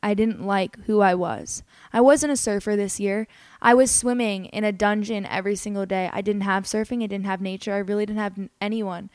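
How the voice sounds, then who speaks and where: A woman's voice: mid-range voice, steady tone, brisk, darkish tone, no room sound. Young woman podcast host, earnest and candid, dry close-miked sound. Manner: earnest, candid and emotional, with many "like" fillers. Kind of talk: personal storytelling monologue.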